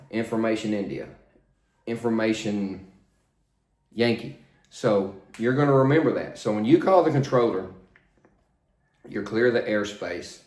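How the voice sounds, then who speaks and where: An older man working as a flight instructor, coaching in a plain, steady, repetitive way. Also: on the low side. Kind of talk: spoken instruction, demonstrating radio calls. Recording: roomy echo.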